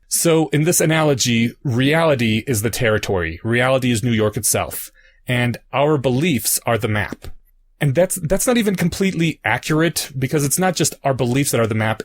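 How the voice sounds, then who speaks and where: A young adult man co-hosting a podcast, patiently explaining ideas through analogies in casual chat. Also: mid-range voice. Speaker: podcast co-host.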